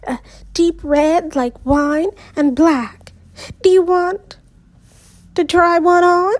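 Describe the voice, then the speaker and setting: A woman's voice: high-pitched, expressive, measured pace, dark tone, pitched above the performer's own voice. A woman voicing Meredith, a chatty, upbeat teenage girl who gushes eagerly to her friend in a storybook reading. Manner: gushing, eager.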